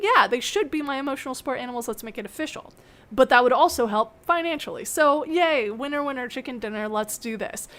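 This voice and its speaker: Young woman on a video call, pretty high voice, chatty, laughs a ton, dark humor vibe. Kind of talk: casual storytelling on a video call.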